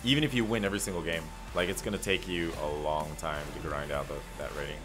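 A man giving chatty, excitable commentary while he plays an online battle game, joking and calling "dude" and "man" often. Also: deep voice, brisk. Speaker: gameplay streamer. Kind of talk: live gameplay commentary. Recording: game music behind the voice.

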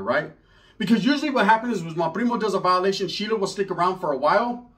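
A man telling a comic story in an animated, profane way, full of street slang and Spanish words. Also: high-pitched, quick pace. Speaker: comedian storyteller.

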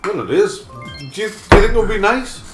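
A man hosting a gaming session talks crudely and rambles while drunk, his high-pitched voice animated and a little fast. He is recorded in an echoey room with loud game music playing.

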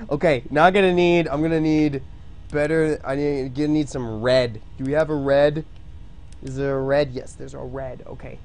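A young man casually chatting on a live game stream, goofy with loud self-amused outbursts. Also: mid-range voice, steady tone, normal speed, a little hiss or hum.

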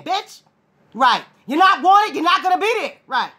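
A woman, ranting loudly and confrontationally, swearing and repeating herself. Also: sits high, big pitch swings, moderate pace. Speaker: online ranter. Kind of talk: angry direct-to-camera rant.

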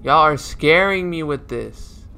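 A man's voice: a little high, lively intonation, a little slow, gravelly, pushed and bright, a little hiss or hum. A young man commentating a horror video game, jumpy and talkative, addressing the viewers as y'all and swearing when startled. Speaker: gaming youtuber.

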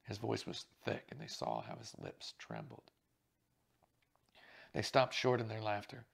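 A man with a gravelly, husky voice, steadily reading a mystery novel aloud. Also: fairly low pitch, very animated, unhurried. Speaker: audiobook reader.

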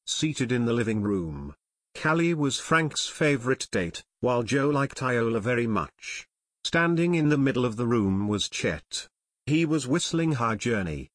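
Male audiobook narrator, scripted narration, lively pitch, dry close sound. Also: dry recording.

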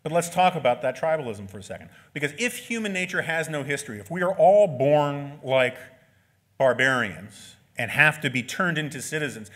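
A man's voice: mid-range voice, fairly bright tone. Man giving a joking conversational lecture. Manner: conversational lecture, asides and jokes, frequent "right?" tags. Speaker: author giving a talk. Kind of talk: speaking at an event. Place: lecture venue.

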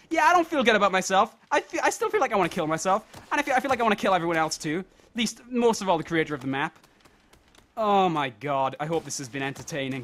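A young man with a high voice commentates on a game he is playing. He is exasperated, swears a lot and shouts at the screen when things go wrong. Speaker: gaming video host. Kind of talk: gaming commentary.

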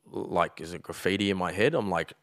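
A man's voice: deep voice, fairly quick, fairly bright tone, no room sound, studio quality. An Australian man from Melbourne, a podcast guest telling street stories in a casual, streetwise way, swearing freely and leaning on "like" and "you know". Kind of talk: casual storytelling chat.

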